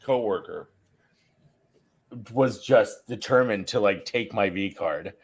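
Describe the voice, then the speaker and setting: A middle-aged podcast host with a fairly low, slightly rough voice talks slowly as he relates a long story in casual chat. His telling rambles and is full of self-interruptions.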